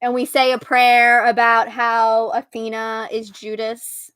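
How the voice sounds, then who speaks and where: A woman's voice: on the high side, monotone, slow pace, a bit bright, clear, resonant tone, no echo, studio quality. A young woman chatting casually on her own live stream, giggling often and filling her talk with "like". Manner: giggly, chatty, full of "like" and laughter. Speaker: host.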